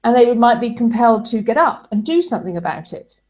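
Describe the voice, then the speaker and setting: A woman's voice: on the high side, lively intonation, fast talker, darkish tone. Woman explaining relationship communication. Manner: explanatory, works through everyday examples. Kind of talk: relationship advice talk.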